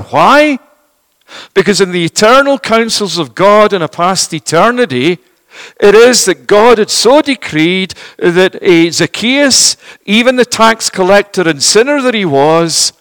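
A man's voice: sits high, a bit bright, no echo, rough recording. A man preaching a sermon earnestly and emphatically, asking his listeners questions and often repeating and restarting phrases.

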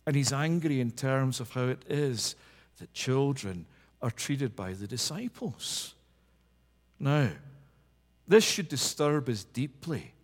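A man preaching a sermon, impassioned, swinging between loud emphasis and low hushed passages. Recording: long reverb of a large hall.

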